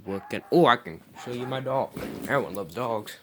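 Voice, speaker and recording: Rambling, joking man with a lively voice. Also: medium pitch, normal speed, background noise. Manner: rambling, self-conscious joking, talks to camera. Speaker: vlogger. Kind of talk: casual home vlog. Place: at home with his dog.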